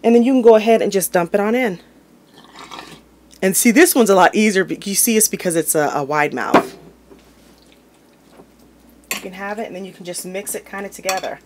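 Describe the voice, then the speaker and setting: A woman's voice: medium pitch, a little fast, pauses often. A woman with a mid-range voice chats her way through a kitchen demonstration, talking informally as she handles jars and food. Dishes and cutlery clink now and then, and a faint hiss sits under the recording. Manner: chatty and informal, talks while handling food. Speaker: home cooking video host. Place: home kitchen.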